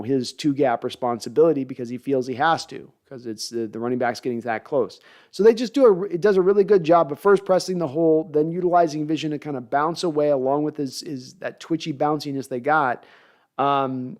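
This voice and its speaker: A man hosts a casual live sports talk stream, chatting through viewer comments. His speaking pitch sits in an ordinary middle range, and he reasons aloud, often restarting sentences as he works through a point. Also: a little mellow. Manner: conversational, analytical, thinks aloud with restarts. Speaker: podcast host.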